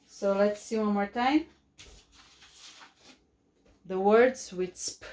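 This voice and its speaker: A woman teaches children phonics in English with a Brazilian Portuguese accent. She speaks at a very slow, deliberate pace, stretching out each sound. Her voice sits at a middle pitch, and she pauses so the kids can repeat after her. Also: darkish tone. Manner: slow, drawn-out modeling of sounds for repetition.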